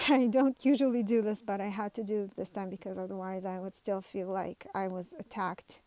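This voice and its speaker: A woman's voice: mid-range voice, level tone, normal speed, a little mellow. A woman talking casually to her viewers, rambling through a story with many fillers and restarts. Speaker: vlogger. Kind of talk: casual talk to camera.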